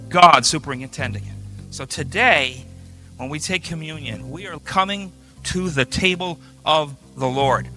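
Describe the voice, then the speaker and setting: A man preaching a sermon in a church, animated and emphatic, acting out quotes and building to forceful peaks. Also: a little high.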